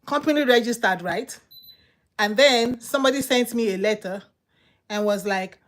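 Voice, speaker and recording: A woman's voice: fairly high pitch, moderate pace, a bit bright. A woman with a Nigerian accent, hosting a channel and giving casual, emphatic advice that she repeats for effect. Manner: emphatic, repetitive, preachy. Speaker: channel host.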